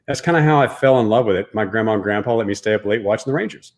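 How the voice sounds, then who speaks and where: A man's voice: lowish voice, rapid-fire. A man from the Dallas-Fort Worth area of Texas, a former pro baseball player, telling a personal story as a guest in a casual, profane, emphatic way.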